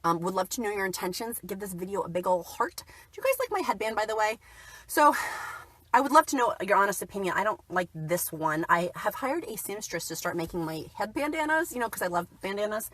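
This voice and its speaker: A woman's voice: mid-range voice, sing-song, a little fast, a bit bright, no room sound. A woman talking casually and cheerfully on a livestream, chatting about her day and reading out viewer comments. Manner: chatty, upbeat, reads viewer comments aloud. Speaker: keto vlogger.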